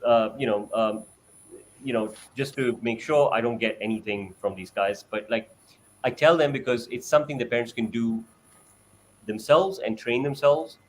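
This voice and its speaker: A man's voice: moderate pace, a little hiss or hum. A man on a video call explaining how parents can coach a child, animatedly acting out parent-child exchanges. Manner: acts out parent-child exchanges in a bright high voice. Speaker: parent sharing experience.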